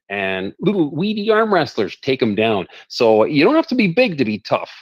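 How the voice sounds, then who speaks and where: A man chats in a live audio room, stumbling over his opening words before rolling on with animated stories. His voice is mid-pitched and comes through a dull, lo-fi line that sounds dry and close. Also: normal speed, hardly any pauses, dry recording. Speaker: audio chat participant. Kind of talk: casual live audio chat.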